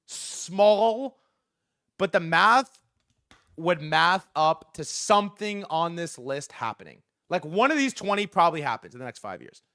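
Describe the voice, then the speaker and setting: A young man hosting a casual livestream about markets, talking in an excitable, profane and rambling way with lots of fillers. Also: fairly high pitch, measured pace, clear, resonant tone. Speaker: livestream host.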